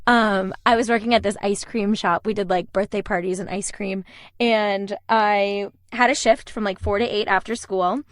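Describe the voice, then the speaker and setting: A young woman in her twenties answers interview questions over a video call, energetic and fast-talking. She acts out the lines she quotes. Her voice sounds dry and close, with no room echo. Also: mid-range voice. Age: 20s. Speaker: guest voice actor.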